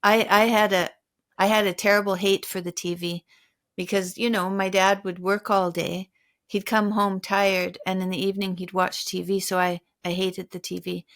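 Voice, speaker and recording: A woman's voice: medium pitch, level tone, normal speed, fairly bright tone. An older woman hosting a podcast interview, reflective and sharing personal stories. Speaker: podcast host. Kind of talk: conversational interview.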